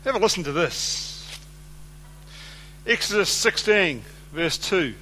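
A man's voice: high-pitched, sing-song, takes it slowly, pushed and bright, a little hiss or hum. A man preaching a sermon, reading scripture aloud and speaking conversationally, often putting questions to his listeners.

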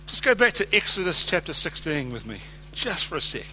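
Bright-voiced preacher questioning his listeners. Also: on the high side, very animated, brisk, slight background noise. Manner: conversational, asks the listeners questions. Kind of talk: sermon with scripture reading.

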